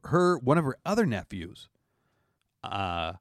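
A man's voice: mid-range voice, big pitch swings, measured pace, dry recording, clean studio sound. A man co-hosting a podcast, telling a story in a joking, rambling way. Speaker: podcast co-host. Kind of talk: casual chat.

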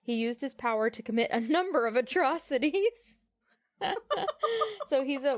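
A woman's voice: high voice, lively intonation. Woman reading aloud and joking. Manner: joking, laughs often, pauses on fillers. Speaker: podcast co-host. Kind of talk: casual chat mixed with reading aloud from a novel.

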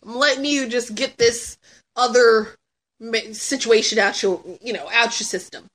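A woman in her thirties, chatting casually as a guest and answering questions with lots of laughing, swearing and sudden shouts. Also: fairly high pitch, normal speed. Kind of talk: casual chat.

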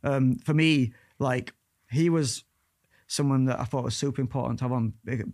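A man, talking in a calm, coaxing way and guiding a mind-reading trick on a podcast. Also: moderate pace. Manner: calm, coaxing, drops to a soft low voice while guiding the trick. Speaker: mentalist guest. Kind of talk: casual chat.

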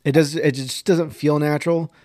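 A man's voice: on the high side, fairly even intonation, moderate pace, a little mellow, dry recording, studio quality. A man, a podcast guest and skincare brand owner, chatting casually and saying "dude" a lot. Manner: laid-back, says "dude" and "like" a lot.

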